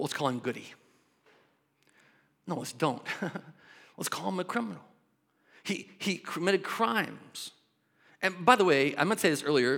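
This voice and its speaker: A man preaching a sermon in an animated way, shifting from loud bursts to quiet asides. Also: on the high side, vocal fry. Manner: animated, acts out voices, swings from loud to soft. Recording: long hall reverb.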